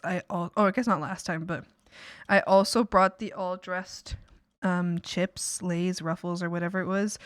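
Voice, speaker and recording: A woman's voice: on the low side, fairly bright tone, clean tone, no room sound, studio quality. A Canadian woman streamer chatting casually while she draws, laughing often and swearing casually, with some playful scolding.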